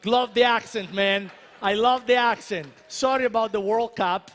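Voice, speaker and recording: An Italian-accented man in his thirties speaks to a crowd in a large convention hall, with a fairly high voice. He jokes with the audience and drives his points home in an animated manner. His words ring out with the long echo of the big room. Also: moderate pace. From Italy. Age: 30s. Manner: joking, animated, addresses crowd directly. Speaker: celebrity chef speaker. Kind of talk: motivational talk to an audience. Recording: reverberant hall.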